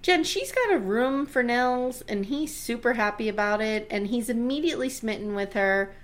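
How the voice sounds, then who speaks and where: Picture a woman with a slightly higher voice, chatting casually as a podcast co-host. She laughs often and briefly acts out what the characters say. The storytelling is animated. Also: moderate pace. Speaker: podcast co-host recapping a TV episode. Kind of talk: casual chat.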